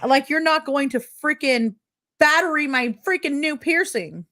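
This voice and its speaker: A woman co-hosting a podcast in casual chat, telling stories in an animated, playfully defiant way. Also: high voice, moderate pace, no echo. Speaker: podcast co-host.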